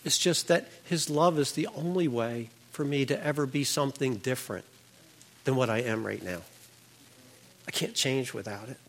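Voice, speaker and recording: A man's voice: medium pitch, moderate pace. Older man sharing an earnest testimony. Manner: earnest storytelling, voice rising when reliving the moment. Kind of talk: personal faith testimony.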